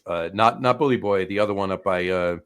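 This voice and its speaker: A middle-aged man chats on a casual podcast with a fairly low voice. He rambles and circles back, filling gaps with hesitations as he hunts for words. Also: brisk, a bit bright, clean tone. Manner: rambling, many fillers and restarts. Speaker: co-host.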